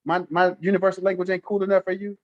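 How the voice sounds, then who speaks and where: A man's voice: sits high, level tone, fast talker, no room sound, dull audio. A man hosting a livestream, teasing his chat in a playful, laughing way. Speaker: livestream host.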